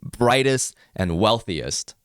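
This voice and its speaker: A French-Canadian man delivers a political monologue full of sarcasm and mockery. His voice sits low but swings widely in pitch as he jabs at his targets. The sound is close and dry, with no room around it. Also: very animated, slow, clear, resonant tone, no room sound. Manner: sarcastic and mocking. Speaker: political commentary host. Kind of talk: opinion commentary monologue.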